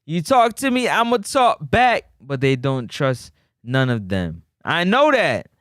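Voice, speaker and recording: A man with a slightly high voice speaks a little slowly, hosting a casual sports talk livestream and bantering animatedly with his chat. The recording is dry with clean studio sound.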